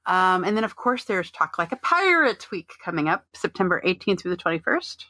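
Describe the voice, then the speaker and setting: Chatty woman podcast co-host, bright voice. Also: on the low side, very animated, fairly quick, no room sound. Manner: chatty, rambling with many fillers and restarts; reads out listener chat messages. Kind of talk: casual chat about an online game.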